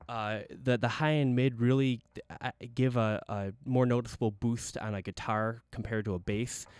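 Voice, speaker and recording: A man's voice: mid-range voice, a little mellow, clean tone, no echo, studio quality. A man hosting a casual guitar gear demo, enthusiastic and rambling, with many restarts.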